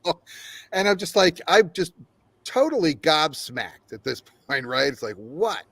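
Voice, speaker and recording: A man's voice: fairly high pitch, normal speed, gravelly, no echo. An older man, a game developer guest, telling a long story in an interview with frequent laughs and acted-out quotes. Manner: animated storyteller, laughs often, acts out quotes.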